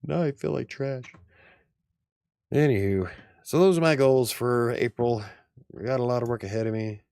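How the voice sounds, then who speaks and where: Male livestream host, gravelly fry, dry close sound, rambling, laughs at himself. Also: mid-range voice, moderate pace, darkish tone, dry recording. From United States. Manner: rambling, self-deprecating, laughs often. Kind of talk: casual livestream chat.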